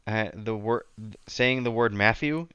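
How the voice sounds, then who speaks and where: Guesting on a podcast, this tabletop player talks casually about his character in a rambling way, full of fillers and false starts. His fairly low voice is a little slow, bright, forceful, clear and resonant, recorded with no echo yet sounding muffled.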